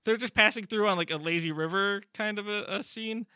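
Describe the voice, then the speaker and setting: Bright, lively-voiced man chatting casually. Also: high voice, clear, resonant tone, no room sound, studio quality. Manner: animated, acts out characters in quick bursts. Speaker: podcast co-host. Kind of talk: casual chat recapping a comic.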